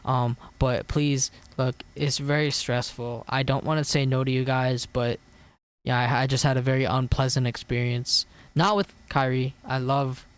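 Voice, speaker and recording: A man's voice: mid-range voice, fairly even intonation, normal speed, clean tone. A young man hosting a casual podcast, chatty and loose, swearing and trailing off with ums. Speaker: podcast host.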